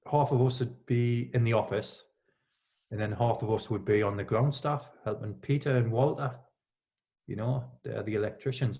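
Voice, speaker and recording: A Geordie man in his fifties, a former footballer, chatting in a relaxed way and telling anecdotes as a podcast guest. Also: lowish voice. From Newcastle, England. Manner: storytelling, acts out quoted lines with laughs.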